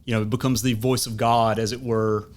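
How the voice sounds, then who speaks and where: Southern man, deep voice, rambling talk. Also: level tone, normal speed. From American South. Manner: discursive, many fillers and restarts. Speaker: podcast host. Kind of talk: casual conversation.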